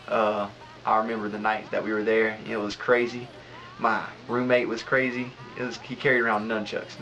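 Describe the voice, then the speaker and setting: A man's voice: on the low side, a bit bright, low-quality recording. A young man hosting a casual podcast from a home studio, telling stories in a rambling, laughing way. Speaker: podcast host.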